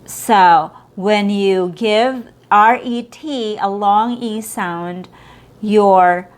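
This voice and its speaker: Woman teaching english sounds, mid pitch, says each word slow and careful, repeats them over and over. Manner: repeats words slowly, drawing out the vowels. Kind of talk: slow, careful pronunciation lesson.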